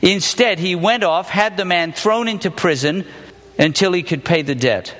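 Guy teaching a bible story, high voice, asks the listeners lots of questions, long hall reverb. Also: moderate pace, fairly bright tone. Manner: reads scripture aloud, then questions the listeners with small laughs.

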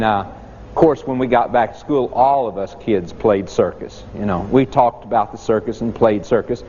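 Folksy preacher man with swooping pitch. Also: slight background noise. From rural countryside. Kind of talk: sermon. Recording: dull echoey hall recording.

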